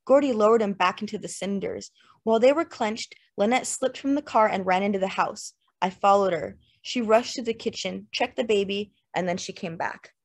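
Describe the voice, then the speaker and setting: A woman narrating a literary novel in the first person, measured and lyrical. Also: mid-range voice. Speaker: audiobook narrator. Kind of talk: literary fiction reading.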